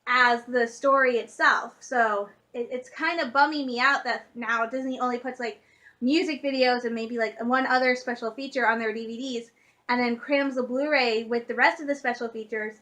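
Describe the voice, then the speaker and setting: A young woman from Michigan chatting excitedly in a casual vlog, gushing like a fan, with lots of fillers and restarts. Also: fairly high pitch, normal speed. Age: young adult. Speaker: vlogger.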